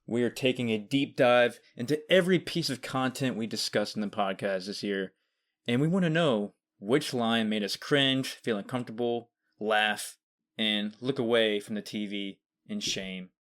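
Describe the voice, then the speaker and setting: A man's voice: medium pitch, moderate pace, fairly bright tone. A man hosting a podcast, announcing award nominees and winners in a plain emcee style. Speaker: podcast host presenting awards.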